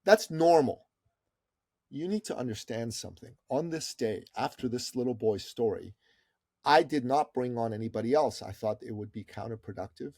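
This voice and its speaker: A man's voice: mid-range voice, vocal fry, a little mellow, breathy edge, no echo, studio quality. A middle-aged man telling a story as an interview guest, in an emphatic, persuasive way. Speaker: podcast guest.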